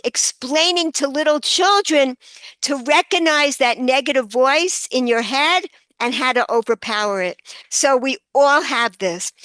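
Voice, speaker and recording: An older woman, a guest author on a podcast, telling a story earnestly and slowing down for emphasis. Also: sits high, fairly bright tone, no echo. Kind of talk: podcast interview.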